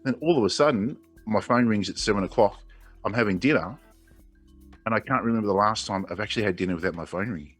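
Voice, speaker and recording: A man's voice: on the low side, fast, slightly rough, soft background music. A man in his forties with an Australian accent, telling his own story as an interview guest, earnest and emotional, often restarting his sentences. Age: 40s. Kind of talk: candid personal storytelling.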